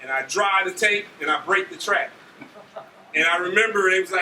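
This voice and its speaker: A bright-voiced man in his forties from Ohio gives an animated, story-filled talk to students, often asking "right?" His voice sits high for a man. It echoes around a large room and is picked up from a distance. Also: fairly quick. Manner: animated, acts out scenes, keeps asking "right?". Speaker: army leader speaking to students. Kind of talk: motivational storytelling speech. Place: school auditorium. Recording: echoey hall from far off, faint noise.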